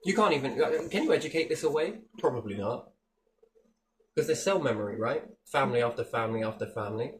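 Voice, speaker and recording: A man's voice: medium pitch, quick pace, poor audio. Playful man in casual chat. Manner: animated, playful, slips into silly put-on voices.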